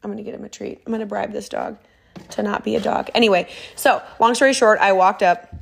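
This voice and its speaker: A woman hosts a podcast from her home and tells a story in a casual, chatty way. Her delivery is animated, and she often breaks into laughter. Her pitch sits in the middle range for a woman. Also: fast, vocal fry, slightly rough. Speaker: podcast host.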